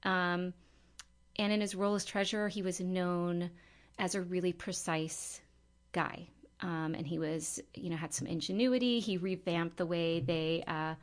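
A middle-aged woman co-hosting a podcast, telling a story in a chatty, relaxed way with many fillers. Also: lowish voice, a little slow. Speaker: podcast co-host. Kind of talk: casual chat and storytelling.

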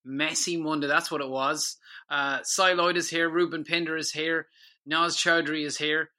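A man hosting a casual football podcast, chatty and quick to laugh. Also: on the high side, level tone, bright, forceful tone. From Ireland. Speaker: podcast host.

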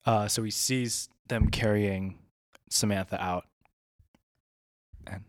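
A man's voice: on the low side, fairly even intonation, slow, no echo. Man narrating a dry, close comedy role-play. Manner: laughing, rambling, full of restarts. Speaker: game master.

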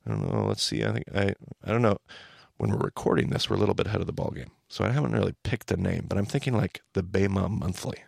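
A man's voice: sits low, quick pace, vocal fry, breathy edge, no echo, studio quality. A man hosting a podcast, teaching in casual chat and acting out the lines he quotes. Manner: animated storyteller, acts out quoted lines.

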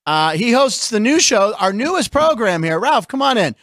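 High-voiced jokey male sports host. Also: sing-song, moderate pace, a bit bright, no room sound, studio quality. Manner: chatty, jokey, laughs often. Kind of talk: casual sports show banter.

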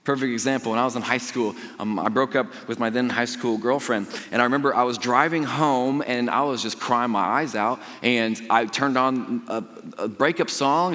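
A young man preaching a sermon, telling personal stories in a conversational way and swinging between quiet, intimate lines and loud, emphatic ones. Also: mid-range voice. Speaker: pastor. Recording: long reverb of a large hall.

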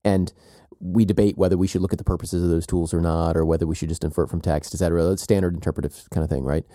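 A man's voice: deep voice, fairly even intonation, fast talker, dark tone, no room sound, studio quality. A man co-hosting an academic talk, thinking aloud at length with playful asides and frequent "right?". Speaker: podcast co-host. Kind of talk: academic conversation.

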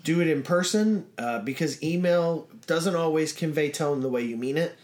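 A man's voice: fairly high pitch, moderate pace. An easygoing man talks through advice in casual conversation. He circles back, restarts sentences and fills the gaps with small fillers as he works out his point. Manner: relaxed, rambling with many fillers and restarts. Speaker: podcast co-host.

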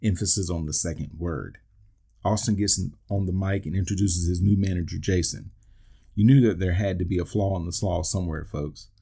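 A man's voice: low-pitched, fairly even intonation, fairly quick, gravelly, warm tone, slightly rough. A man hosting a podcast, narrating a play-by-play recap of a wrestling match and dropping dry wisecracks between the moves. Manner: dry asides and wisecracks between call-outs. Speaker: podcast host.

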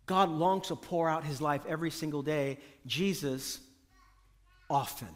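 Male pastor, sermon, high voice, emphatic repeated phrasing, long hall reverb. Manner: emphatic preaching with repeated phrases and call to the congregation.

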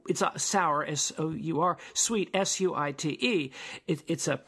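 Man, gravelly husky voice, fairly high pitch, halting rambling talk. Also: fairly bright tone. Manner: rambling, halting, many restarts and fillers. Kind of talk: casual spoken commentary on songs.

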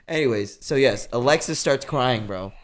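A young man hosting a podcast, telling a story in casual chat, slangy and animated, swearing freely. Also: medium pitch, slow. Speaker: podcast host.

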